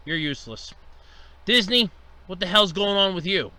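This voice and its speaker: Exasperated ranting man, high and bright. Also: expressive, moderate pace, pauses often. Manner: exasperated, profane, mock-outraged. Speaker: host of a rant series. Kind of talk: comedic rant.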